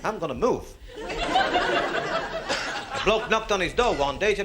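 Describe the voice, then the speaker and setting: A comedian with a high, very lively voice, delivering brash gags with deadpan punchlines. He is caught in a noisy live club recording, with loud audience laughter and hiss all around him. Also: unhurried, long pauses. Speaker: stand-up comedian. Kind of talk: stand-up joke telling.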